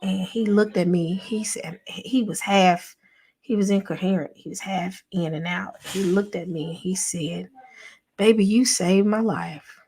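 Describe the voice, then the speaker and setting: A woman with a slightly low voice talks straight to her viewers in a relaxed livestream. She speaks softly and thoughtfully, answers comments from the chat, and at times drops almost to a whisper. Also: normal speed, breathy edge. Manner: soft and reflective, sometimes drops to a whisper. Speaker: vlogger and channel host. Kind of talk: casual heartfelt livestream chat.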